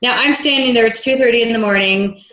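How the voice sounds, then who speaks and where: A woman filmmaker, a guest on an interview show, telling a story in a lively way and acting out the dialogue she quotes. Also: a little high, fast talker. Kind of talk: animated anecdotal storytelling. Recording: roomy echo.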